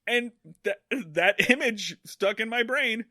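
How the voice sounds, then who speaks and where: A man co-hosting a comedy podcast, talking excitedly in casual chat and swearing freely. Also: extremely high pitch, slow, no room sound, studio quality. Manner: excitable, swearing, jumps into silly quotes. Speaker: podcast co-host.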